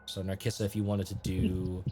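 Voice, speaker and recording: A man narrating as game master of a tabletop game, relaxed and conversational, sometimes tripping over invented words. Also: low-pitched, brisk, faint music behind.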